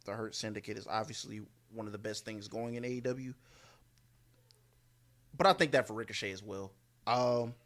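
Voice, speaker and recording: A man co-hosting a podcast, giving casual wrestling predictions with hesitant fillers and joking asides. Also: medium pitch. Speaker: podcast co-host.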